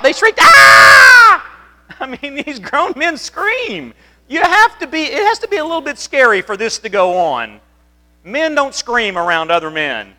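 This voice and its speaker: A man's voice: very high-pitched, bright, forceful tone. A man preaching a conversational sermon as a pastor, telling the story in a chatty way with many restarts. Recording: long reverb of a hall.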